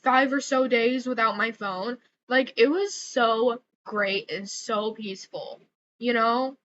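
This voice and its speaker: A woman's voice: fairly high pitch, takes it slowly, a bit bright, lo-fi sound, a little hiss or hum. A young woman vlogging an angry, swearing rant, repeating herself as she builds up heat. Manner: heated, swearing, repeats words.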